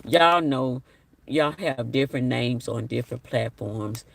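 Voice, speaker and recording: A man's voice: mid-range voice, a little slow, creaky, far from the mic, noisy background. A man hosting a casual live stream, chatting and reading viewer comments aloud with an apologetic manner. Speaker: livestream host.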